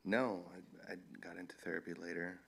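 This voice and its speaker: A male author with a very low, gravelly voice that carries a lot of fry. He reads from his own book, then talks in a soft-spoken, thoughtful way. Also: fairly even intonation, a little fast. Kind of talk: reading from his novel, then chatting.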